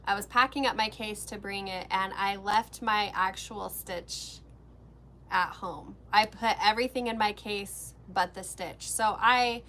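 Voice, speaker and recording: A woman's voice: mid-range voice, steady tone, unhurried, sharp tone, a little hiss or hum. A woman co-hosting a casual craft-shop livestream, chatting and laughing while she stitches. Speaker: shop co-host.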